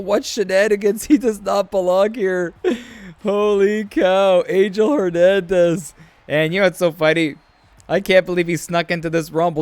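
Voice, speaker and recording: A man's voice: on the high side, vocal fry, dry recording. A man from Canada, commentating a video game match and telling chatty stories. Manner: chatty, storytelling, animated shouts. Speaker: host.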